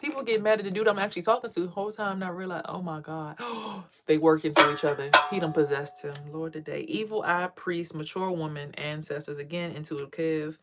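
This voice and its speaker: Animated, cussing woman telling a story. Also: a little fast, noisy background. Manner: animated, profane, acts out quotes in a high voice. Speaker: vlogger and tarot reader. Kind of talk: casual storytelling vlog.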